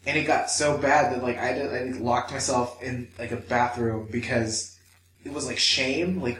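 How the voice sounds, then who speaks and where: In a candid podcast chat, a male co-host recounts a personal story, swearing and acting out inner voices. His mid-range voice is steady, fairly bright, and moderately paced, captured by a distant mic in an echoey room with a little hiss or hum.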